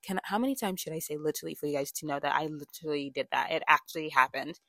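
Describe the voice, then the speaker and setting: A young adult woman hosts a podcast, talking candidly in a casual monologue full of fillers, restarts, and self-corrections. Her voice is deep and fairly bright, her pace is quick, and there's no room sound.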